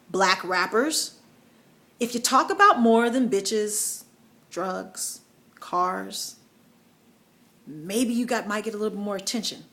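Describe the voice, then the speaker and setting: A woman's voice: mid-range voice, a bit bright. A young American woman talks straight to camera in a casual opinion vlog. She is conversational and opinionated, leaning hard on the words she wants to land. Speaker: vlogger.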